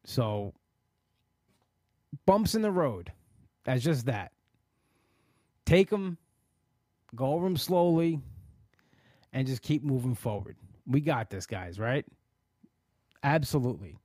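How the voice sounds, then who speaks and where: A man's voice: medium pitch, sing-song, takes it slowly, pauses often, darkish tone, dry recording, studio quality. A man in his forties hosting a podcast, talking in an earnest, rambling way with many restarts. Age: 40s. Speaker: podcast host. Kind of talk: casual solo podcast talk.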